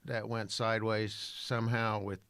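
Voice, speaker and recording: A man with a low-pitched voice co-hosting a podcast, easygoing and halting, often pausing to find his words. The sound is dry and close to the mic. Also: flat delivery, a bit bright, smooth, no echo. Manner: easygoing, halting, with many fillers. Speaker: podcast co-host, voice-over artist. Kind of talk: casual conversational podcast chat.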